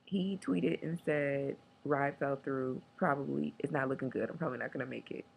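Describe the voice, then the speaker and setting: A woman talking candidly in a casual video diary, emotional and joking, sometimes breaking into a squeaky high chant. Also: normal speed, gravelly, darkish tone, husky, poor audio. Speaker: vlogger.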